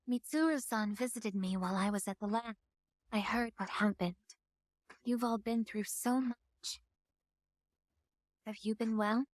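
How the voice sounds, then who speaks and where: A woman's voice: mid-range voice, no echo, studio quality, close to an everyday voice. A woman voicing an earnest, devoted female android girl in a game, speaking politely and formally. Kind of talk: game voice acting.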